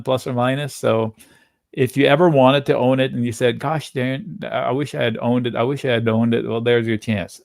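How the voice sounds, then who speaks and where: A man's voice: medium pitch, creaky, dry recording, clean studio sound. A man hosting a live options trading webinar, chatting casually and thinking aloud as he goes through charts. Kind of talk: live market commentary.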